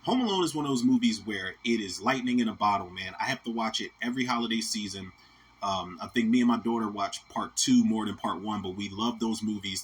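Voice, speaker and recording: A man's voice: medium pitch, a bit bright, slight background noise. A man in his thirties, hosting a podcast and giving a casual, rambling, profane movie rant that keeps coming back to "man". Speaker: podcast host.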